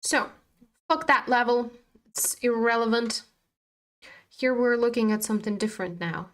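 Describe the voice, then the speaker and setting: A woman's voice: a little high, moderate pace, a bit bright. A woman hosting a trading livestream, talking frankly and profanely about being tired while she chats with viewers. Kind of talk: casual live-stream commentary.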